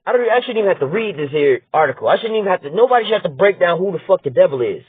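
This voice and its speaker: Brief: blunt, profane male commentator with a husky voice, recorded dry on thin phone-like audio. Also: high-pitched, big pitch swings, quick pace, no room sound. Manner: blunt, profane, rhetorical, repeats "all right?". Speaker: political commentator. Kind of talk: heated profane commentary reading news aloud. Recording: tinny phone-like dry sound.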